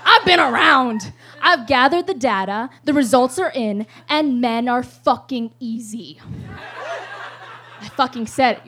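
A young woman with a high voice performs a live stand-up set. She is profane and animated, breaking into loud outbursts and often laughing in the middle of a line. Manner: laughs often mid-sentence. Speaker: stand-up comedian. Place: live show stage.

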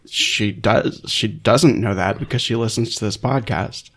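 A man co-hosting a casual podcast chat, talking in halting bursts with many restarts and casual swearing. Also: lowish voice, fairly bright tone. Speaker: podcast co-host.

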